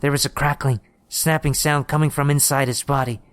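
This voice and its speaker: A man reading a horror story aloud in steady, measured scripted narration. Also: medium pitch, clear, resonant tone, dry recording.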